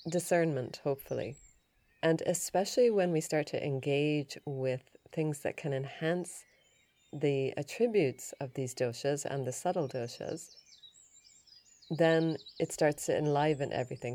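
A woman hosting a yoga and Ayurveda podcast, telling a story in a chatty, animated way. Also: low voice. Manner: chatty, animated retelling with laughs and restarts.

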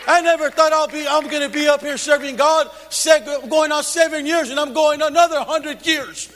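A man preaching a fervent Pentecostal sermon, giving testimony and shouting rebukes and calls to the congregation. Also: extremely high pitch, steady tone, moderate pace, few pauses, a faint crowd, slight background noise. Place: church hall. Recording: long hall reverb.

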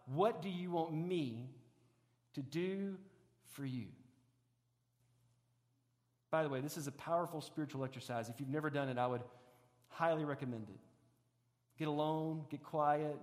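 A man preaching a sermon as a pastor, moving between raised preaching and soft, hushed reflection. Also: on the high side. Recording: long hall reverb.

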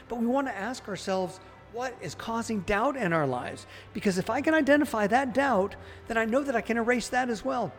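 A man's voice: sits high, big-room sound. A man hosting a daily devotional podcast, teaching earnestly and putting questions straight to the listener.

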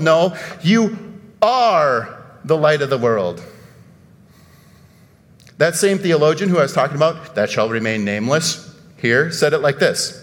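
A male pastor giving a sermon, animated and emphatic, asking rhetorical questions and breaking into sudden outbursts. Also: on the high side, slow pace, pauses often, in a large hall.

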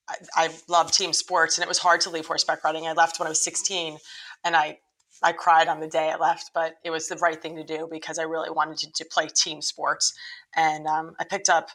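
A woman's voice: low-pitched, bright, forceful tone, poor audio. A middle-aged woman, a lacrosse coach, telling her story earnestly in a podcast interview, with frequent restarts.

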